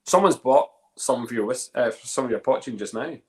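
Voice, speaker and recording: A man's voice: mid-range voice, animated, brisk. A man hosting a casual online chat, chatty and full of restarts. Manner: chatty, many restarts and fillers. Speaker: host. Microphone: online call.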